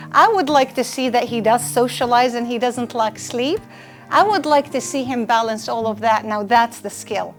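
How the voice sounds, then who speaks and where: A woman delivers a live lecture to students in a slightly raised voice. She is earnest and insistent and comes back to the same point again and again. Faint music sits in the background. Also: high-pitched. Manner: earnest, emphatic, repeats key points. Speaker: lecturer on personal well-being.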